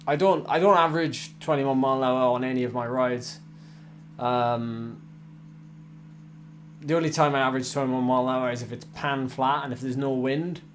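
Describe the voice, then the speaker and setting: A man's voice: mid-range voice, steady tone, moderate pace, a little hiss or hum. A man in his twenties chatting casually with viewers on a cycling live stream, rambling with fillers and restarts, tired after a hard effort. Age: 20s. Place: home indoor training room.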